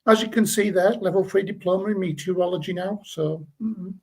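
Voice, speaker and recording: A man's voice: sits high, a little fast, poor audio. A man, co-hosting a casual weather live stream with joking banter. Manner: jokey, banters and laughs. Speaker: amateur storm chaser co-host.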